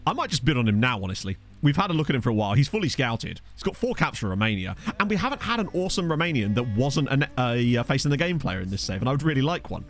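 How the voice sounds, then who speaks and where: A young man giving casual, joking commentary over a football management game, reacting with quick exclamations. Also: mid-range voice, big pitch swings. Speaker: gaming video host. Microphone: desk USB microphone.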